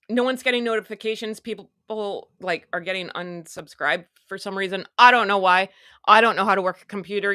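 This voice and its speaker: A woman's voice: mid-range voice, sharp tone, dry recording, studio quality. A woman hosting a casual live stream, talking in a sarcastic, rambling, chatty way. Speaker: online show host.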